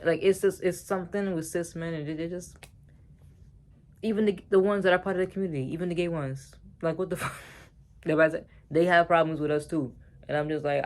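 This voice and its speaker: A man telling a personal story in a casual vlog, heated and profane, talking straight to the viewers. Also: fairly high pitch.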